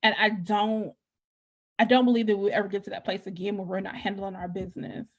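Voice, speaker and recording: Casting: woman, podcast guest, blunt and profane, loose conversational delivery, mid-pitched. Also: level tone, fairly quick, lo-fi sound. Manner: frank, profane, repeats words as she restarts. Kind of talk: casual candid chat.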